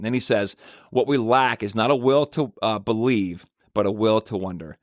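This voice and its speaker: With a fairly low voice and a moderate pace, a man hosts a church podcast in his role as minister, recorded in a clean studio without echo. His casual, reflective talk rambles earnestly, with stories that frequently restart.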